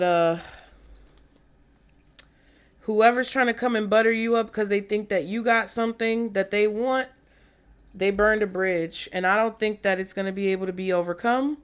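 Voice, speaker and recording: A woman's voice: mid-range voice, fairly bright tone, smooth. A woman giving a casual tarot reading in a blunt, frank way, swearing freely. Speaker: tarot reader.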